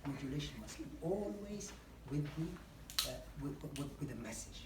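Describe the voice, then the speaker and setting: Low-voiced woman coaching public speaking. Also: very animated, normal speed, noisy background. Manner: instructive, numbered tips with acted examples. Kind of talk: speech giving public speaking tips. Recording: echoey hall from far off, faint ambience.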